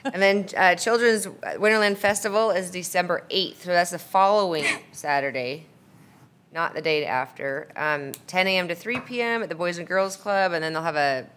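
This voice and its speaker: Smooth-voiced woman reading out events. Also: fairly low pitch, a bit bright. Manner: chatty, listing events. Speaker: city council member. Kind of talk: meeting announcements.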